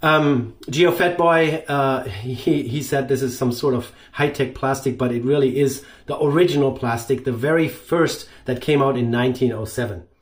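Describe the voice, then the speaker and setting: A man with a mid-range voice hosts a shaving channel, talking at a normal speed with hardly any pauses. His casual product review of his gear is loose and rambling, with many fillers.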